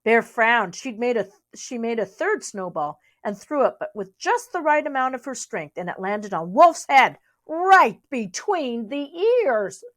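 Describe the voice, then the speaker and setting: A woman's voice: fairly high pitch, very animated, unhurried, few pauses, a bit bright. A young adult woman reading a storybook aloud, with chatty asides to young listeners. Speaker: reader.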